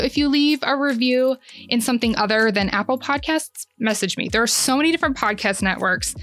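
Chatty woman podcast host, fairly high voice. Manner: chatty, laughs often, animated. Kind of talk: casual chat.

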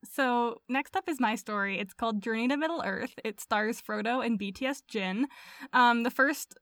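A young woman reading fan stories aloud in casual chat, giggly and relaxed. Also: a little high, normal speed, no room sound, studio quality. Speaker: co-host.

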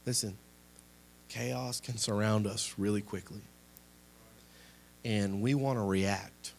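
Slow, steady in tone and gravelly, this young adult man's lowish voice comes with slight background noise. He preaches a sermon and then leads a closing prayer with passion, his volume surging and receding over repeated exhortations.

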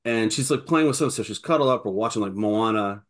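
A man co-hosting a casual podcast chat, telling an animated story with stumbling restarts. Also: on the low side, quick pace. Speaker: podcast co-host.

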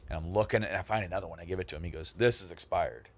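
Animated, slightly low-voiced man telling stories. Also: rapid-fire. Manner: animated, acts out the other people in his story; repeats words and restarts a lot. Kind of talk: casual storytelling among friends.

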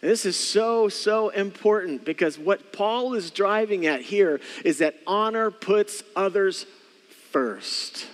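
A man preaching a sermon as a pastor, earnest and repetitive, often dropping to soft quiet tones to stress a point. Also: sits high, lively intonation, slow pace, big-room sound. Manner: earnest, repeats phrases, drops to soft quiet tones for emphasis.

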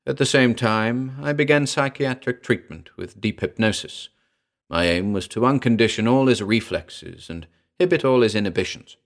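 Giggly eccentric mad scientist, read by a man, fussy, low-pitched.

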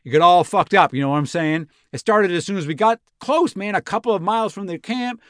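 In a comic podcast reenactment, a man voices a breathless, rambling young Roman envoy who talks like a swearing, slang-heavy bro. He pitches his voice high, above his natural register, sounding brisk, excited, fairly bright, clear, and resonant. The clean studio sound carries no echo.

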